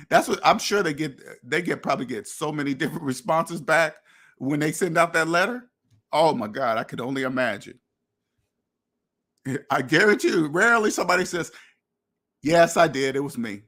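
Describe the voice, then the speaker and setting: A man's voice: on the high side, sharp tone. A man hosting a finance talk, lecturing bluntly and acting out imagined conversations, now and then swearing. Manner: blunt, preachy, acts out imagined dialogues; profane. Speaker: finance podcast host. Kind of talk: casual monologue.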